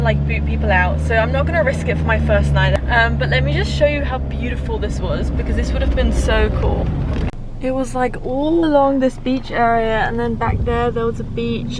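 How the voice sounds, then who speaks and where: A young woman talking casually to her camera in a vlog, chatty and excitable. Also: on the high side, very noisy. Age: young adult. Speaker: vlogger. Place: van and outdoors. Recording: loud background music.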